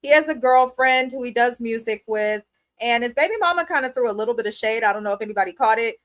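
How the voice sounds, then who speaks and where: A woman's voice: a little high, quick pace. A woman giving blunt, opinionated, profane commentary while reviewing a reality TV episode. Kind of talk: casual commentary.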